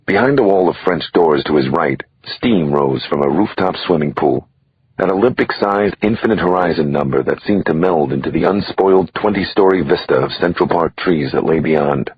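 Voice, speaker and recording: A man narrating a crime thriller audiobook in a measured, dramatic reading. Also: low-pitched, dull audio, a little hiss or hum.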